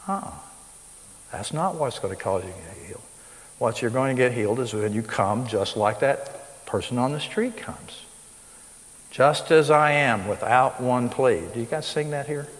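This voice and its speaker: A man's voice: medium pitch, lively intonation, moderate pace. Man preaching in an echoing hall. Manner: emphatic, rising to stress points. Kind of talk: sermon. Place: school hall with live audience. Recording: long reverb of a large hall.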